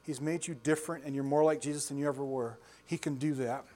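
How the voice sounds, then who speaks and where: A man's voice: mid-range voice, fairly even intonation, quick pace, darkish tone. A man in his sixties preaching a conversational sermon, telling folksy stories, chuckling often and putting questions to his listeners. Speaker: pastor.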